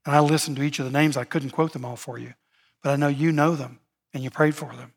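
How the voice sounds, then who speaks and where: A man preaching a sermon as pastor, building emphasis and slowing to stress key words. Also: a little high, steady tone. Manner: preaching with rising emphasis, slow deliberate stresses.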